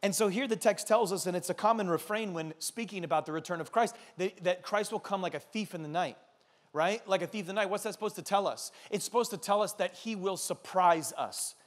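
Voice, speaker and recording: A man in his thirties preaching a sermon as a pastor, urging his listeners with animated, earnest exhortation. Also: high-pitched, brisk. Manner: animated storytelling, urgent exhortation.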